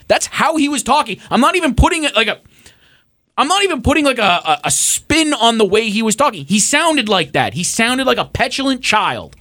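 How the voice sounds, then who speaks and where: A man's voice: sits high, big pitch swings, brisk, sharp tone, dry recording. A young man co-hosting a sports podcast, ranting sarcastically and swearing as he builds up heat. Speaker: podcast co-host. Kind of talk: casual sports podcast rant.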